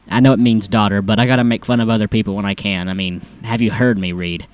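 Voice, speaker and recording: A man's voice: fairly low pitch, fairly even intonation, fast, few pauses, no room sound, faint music behind. A man rambling through casual comedy commentary as he reads posts aloud, joking about himself and stumbling over words. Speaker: reaction video host.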